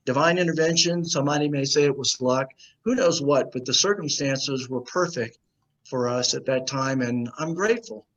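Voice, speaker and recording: This interview guest from the United States recounts a story casually at normal speed and medium pitch, playing out the quoted voices of other people. The recording is low quality.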